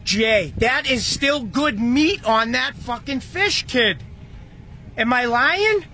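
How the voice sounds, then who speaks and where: A man filming from a boat on open water, excitedly swearing and shouting repeated exclamations at a huge catch. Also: very high-pitched, takes it slowly. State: shaky with excitement. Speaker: fisherman filming his catch. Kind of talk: excited vlog commentary. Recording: outdoor boat and water noise.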